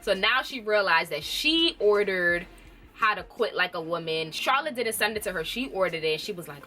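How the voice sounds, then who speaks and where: Bright-voiced woman recapping a TV episode. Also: fairly low pitch, animated, normal speed. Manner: chatty, laughs often, fills with "like". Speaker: TV show reviewer. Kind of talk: casual recap chat.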